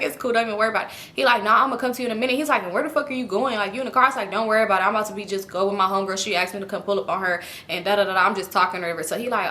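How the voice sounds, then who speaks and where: A young woman telling a story in a casual vlog, animated and swearing freely as she acts out both sides of the conversations. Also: mid-range voice, fast talker. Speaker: storytime vlogger.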